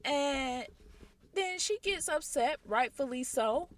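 A woman's voice: high voice, takes it slowly, noisy background. A woman giving casual commentary to her audience, talking to them directly and tossing out rhetorical questions. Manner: animated, addresses audience directly; rhetorical questions, incredulous asides.

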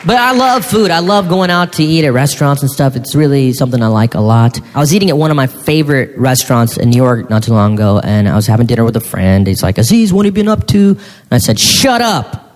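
A man performing a stand-up comedy routine, animated, with mock-shouting asides. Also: mid-range voice, fast, a faint crowd. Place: comedy stage before an audience. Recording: live hall with reverb, faint noise.

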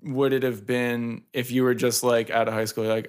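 A man's voice: mid-range voice, flat delivery, normal speed, clear, resonant tone. A young man in his twenties co-hosting a podcast, rambling casually with many fillers. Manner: rambling, full of "like". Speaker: podcast co-host. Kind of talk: casual chat.

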